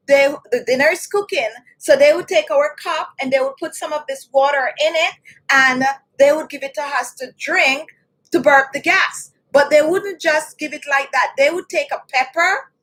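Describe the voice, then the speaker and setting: A Jamaican-accented woman with a high voice chats casually on a beauty livestream. She talks straight to her viewers and keeps checking in with "okay?". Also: fairly bright tone, poor audio. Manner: chatty, addresses viewers directly, frequent "okay?". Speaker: beauty vlogger.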